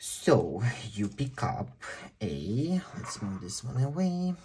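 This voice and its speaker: A man with a non-native English accent giving a chatty, excitable pick-a-card tarot reading. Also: mid-range voice, takes it slowly, noisy background. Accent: non-native English speaker. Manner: chatty, excitable, exclaims often. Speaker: tarot reader.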